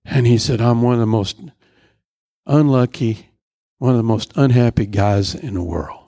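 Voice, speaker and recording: A middle-aged man preaching a sermon, telling stories in a rambling, halting way with many fillers, then leading a prayer. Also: mid-range voice, gravelly, warm tone, no room sound, studio quality.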